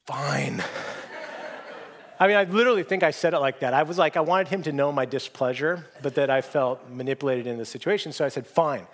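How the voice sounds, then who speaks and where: Man, pastor, conversational sermon, self-deprecating, somewhat high voice. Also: quick pace, hardly any pauses. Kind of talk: sermon with personal stories.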